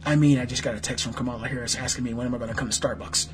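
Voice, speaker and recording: A man's voice: mid-range voice, steady tone, very fast, voice pushed down, close to an everyday voice. A man putting on the voice of a smug, dismissive male politician, snide and sing-song. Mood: mocking. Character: smug mocking male politician brushing off a hearing.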